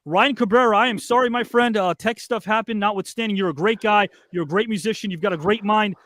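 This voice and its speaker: An upbeat male host with a high voice, reading viewer comments and votes on a live online show. The sound is dry and close, with no room around it. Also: fast talker, a bit bright, dry recording.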